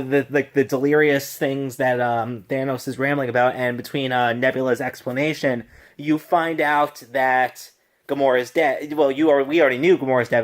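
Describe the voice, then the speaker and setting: A tipsy man casually reviewing a film on his vlog, gushing and rambling with many restarts and laughs. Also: medium pitch.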